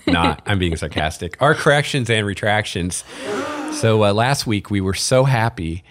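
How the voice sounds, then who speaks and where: A man hosting a podcast in a relaxed, chatty way, with casual fillers and dry sarcasm. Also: on the low side, normal speed. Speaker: podcast host. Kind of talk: casual chat.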